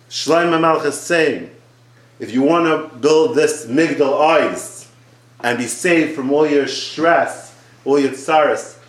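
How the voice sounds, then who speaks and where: A man preaches a sermon, telling a parable in an earnest, repetitive way and often restarting his sentences. His pitch sits in a plain middle range. The room gives a noticeable echo. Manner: earnest storytelling with many restarts. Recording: roomy echo.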